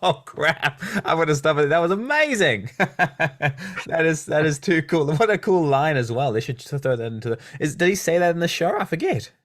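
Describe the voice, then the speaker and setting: A man's voice: a little high, expressive, a little fast, a bit bright. A man with a South African accent hosting a podcast interview, effusive and admiring toward his guest. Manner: effusive, admiring, laughs easily. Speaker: podcast host.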